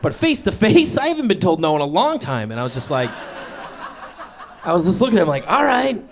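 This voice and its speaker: A man in his thirties doing stand-up storytelling on stage, acting out dialogue and shouting his punchlines. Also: a little high, big pitch swings, fairly quick. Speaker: stand-up comedian. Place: stage before a live audience.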